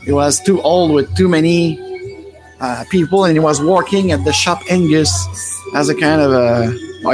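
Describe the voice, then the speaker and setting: A French-Canadian man in his forties with a Quebec French accent, hosting a rambling live stream with many fillers and restarts. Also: a little high. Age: 40s. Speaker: livestream host.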